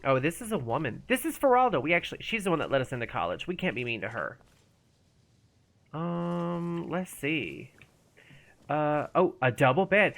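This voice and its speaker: A woman's voice: deep voice, big pitch swings, moderate pace, gravelly. A woman streaming a game and chatting casually, rambling playfully and talking to the characters. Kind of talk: casual live-stream commentary.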